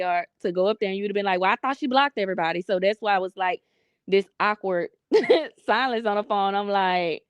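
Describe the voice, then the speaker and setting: A woman's voice: mid-range voice, smooth, no echo. A woman co-hosting a casual podcast, laughing often and acting out phone calls while swearing. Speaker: podcast co-host. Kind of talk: casual gossip chat.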